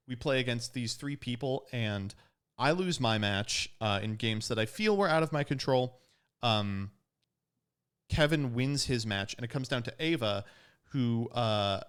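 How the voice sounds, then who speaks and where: A young man casually recounting a tournament, acting out what people said and laughing often. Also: mid-range voice. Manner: animated, laughs often, acts out quotes. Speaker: podcast host recapping a card tournament. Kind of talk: casual storytelling recap.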